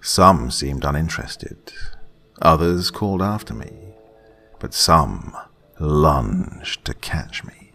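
A man narrating a scripted horror story in a dramatic way, dropping at times into hushed whispers. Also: very deep voice, lively intonation, slow pace, creaky, faint music behind.

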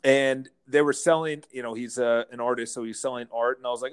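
A man, a real estate firm founder, telling animated anecdotes as a guest in a casual interview. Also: mid-range voice, fast, clean tone. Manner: animated anecdotes, playful mimicking of others.

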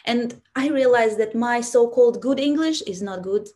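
A woman's voice: a little high, moderate pace, a little mellow. A young woman with a Russian accent, a public speaking coach telling a personal story in a presentation, earnest and reflective, with many "so" and "like" fillers.

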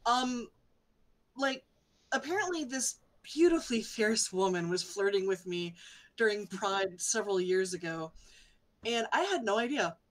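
A woman's voice: mid-range voice, expressive, a little slow. A woman speaking as a panelist in an online discussion, chatty and often laughing as she talks.

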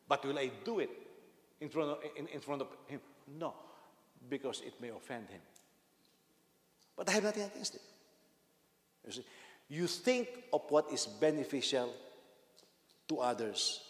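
A man preaching a sermon as senior pastor, telling stories with lively bursts and frequent restarts and repeated words. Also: mid-range voice, fairly quick. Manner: animated storytelling, frequent repetitions and restarts. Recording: echoey hall with long reverb.

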